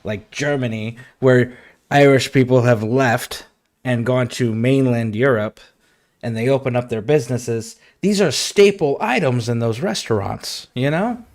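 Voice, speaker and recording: Brief: male game streamer, mid-pitched, swears freely and rants with a joking edge. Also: a little slow, a little mellow. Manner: profane, ranting, jokey. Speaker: livestream gamer. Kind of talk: casual gaming livestream chat.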